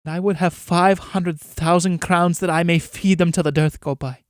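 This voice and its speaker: A man reading the part of a noble, self-sacrificing countess, in a soft and solemn voice. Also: high voice, fairly even intonation, normal speed, no room sound, clean studio sound, lightly acted.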